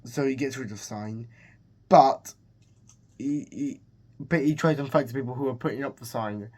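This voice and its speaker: Casual male film recapper with a middle-pitched voice, rambling and full of restarts. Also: normal speed, darkish tone. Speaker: movie reviewer.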